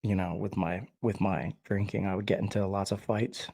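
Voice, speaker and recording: Gravelly low-voiced man telling his story. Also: steady tone, moderate pace, mellow, dry recording, studio quality. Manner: blunt and raw, swears freely. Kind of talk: candid personal storytelling.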